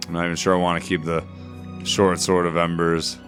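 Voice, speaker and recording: A man's voice: low voice, level tone, brisk, music in the background. A man giving casual game walkthrough commentary, laid-back and mumbling, with self-deprecating asides. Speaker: gameplay commentator.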